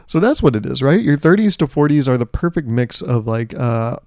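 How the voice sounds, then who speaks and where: Sarcastic, mellow-voiced man ranting on a podcast. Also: medium pitch, a little slow, dry recording. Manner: ranting, sarcastic, profane, laughs often. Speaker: podcast host. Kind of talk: solo comedic podcast monologue.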